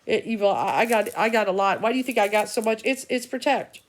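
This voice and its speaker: A woman's voice: medium pitch, fast. A middle-aged woman, an intuitive reader, rambling through an agitated, profane, stream-of-consciousness vlog rant.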